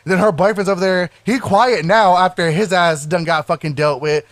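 A young man co-hosting a podcast, telling a story in an animated, profane way and loudly acting out what people said. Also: high-pitched, normal speed, no echo. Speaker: podcast co-host. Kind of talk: casual storytelling chat.

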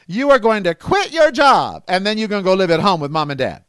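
A middle-aged man holds forth on his solo podcast in a sassy, exasperated rant, his high voice swooping through a wide, lively range. The sound is dry and close, with no room around it. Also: fairly quick, clean tone, dry recording. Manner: sassy, exasperated ranting with rhetorical questions. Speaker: podcast host.

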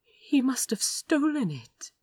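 Woman reading timid flustered man, stammering, high anxious voice, dry recording. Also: unhurried, a bit bright, no room sound.

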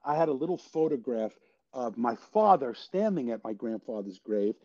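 An older actor telling a story in a casual interview, animated and quoting the people in it. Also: male voice, mid-range voice, normal speed. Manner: animated storyteller, quotes people in his tales. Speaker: guest actor. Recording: dull lo-fi audio.

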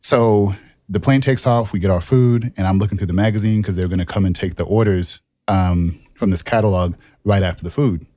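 A man co-hosting a podcast, telling a personal story in a relaxed, animated way and laughing at himself as he goes. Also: deep voice, a little fast, no echo, clean studio sound. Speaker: podcast co-host. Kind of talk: casual storytelling chat.

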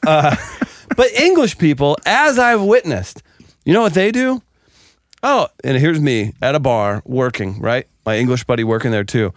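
Animated American man telling stories. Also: mid-range voice, measured pace, no echo, clean studio sound. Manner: animated storyteller, acts out voices. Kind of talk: casual chat.

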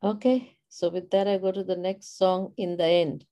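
A woman podcast host with a gravelly, fry-tinged voice asks calm, short follow-up questions. Her tone is dark and mellow, and her pitch sits a little low. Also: moderate pace. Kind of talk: conversational interview.

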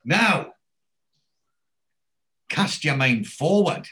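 A man's voice: a little high, animated, very slow, pushed and bright. Chatty man retelling tv scenes. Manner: chatty storyteller who acts out quoted lines. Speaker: podcast host recapping a TV series. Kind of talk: casual chat, retelling scenes.

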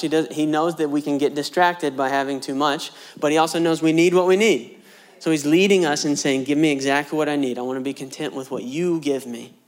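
Guy preaching, kinda high voice, chatty, asks lots of questions. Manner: conversational, rhetorical questions, occasional laughs. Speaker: pastor. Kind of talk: sermon.

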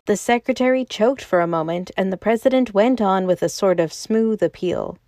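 Mellow-voiced woman narrating a novel. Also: medium pitch, normal speed, few pauses, no room sound, clean studio sound. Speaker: audiobook narrator. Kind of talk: scripted narration.

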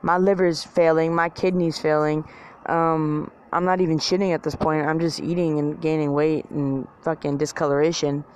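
A woman's voice: low-pitched, flat delivery, moderate pace, a little mellow, muffled recording. A woman ranting casually to her viewers, rambling, swearing often and mocking herself. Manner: rambling, profane, self-mocking, filler-heavy. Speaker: vlogger. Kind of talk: casual rant to camera.

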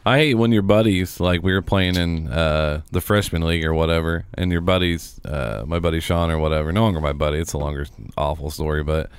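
A man co-hosting a casual holiday podcast, chatting in a relaxed, profane way. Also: rumbling low, fairly quick, hardly any pauses, smooth, dry recording. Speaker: podcast co-host. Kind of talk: casual storytelling chat.

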